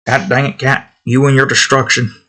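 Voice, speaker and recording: A man's voice: mid-range voice, little pitch movement, normal speed, bright, forceful tone. A man talking casually to himself while drawing digital art, muttering about his work and snapping at his cat. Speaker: artist drawing on stream.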